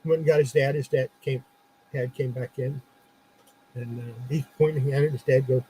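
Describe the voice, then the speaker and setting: A man's voice: medium pitch, fairly even intonation, normal speed, dark tone, slight background noise, rough recording. A middle-aged man, a former comic shop owner, chatting casually and telling anecdotes with frequent laughs. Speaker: comic shop owner turned podcast host. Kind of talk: casual storytelling chat.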